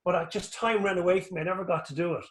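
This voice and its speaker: Chatty Irish man, slightly high, recorded in an echoey room. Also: racing. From Northern Ireland. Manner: rambling, animated storyteller, joking. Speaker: guest, anatomist. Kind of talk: casual interview chat.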